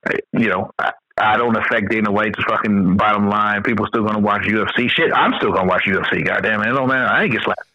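A man chatting casually on a podcast, heated and emphatic with lots of swearing. His voice sits at an ordinary pitch. The recording is dry and a little dull. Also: fast, bright, forceful tone, no room sound. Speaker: podcast co-host. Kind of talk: casual profane chat.

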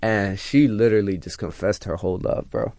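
American man guest, low voice, dry close sound, slangy laid-back storyteller. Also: steady tone, a little fast, a little mellow, no echo. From United States. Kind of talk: casual podcast chat.

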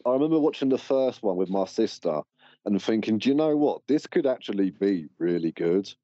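A man's voice: on the low side, animated, brisk, mellow, dry recording, muffled recording. A man, a guest on a podcast, ranting bluntly and swearing in casual chat.

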